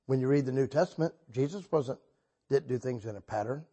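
A man preaching a sermon and telling a story, animated and breaking into loud bursts when he quotes himself. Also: medium pitch, fairly quick, slightly rough.

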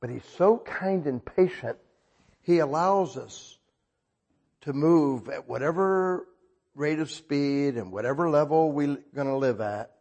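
Husky older pastor, conversational preaching. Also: male voice, fairly high pitch, animated, unhurried, darkish tone. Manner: conversational preaching with rhetorical questions. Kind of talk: sermon.

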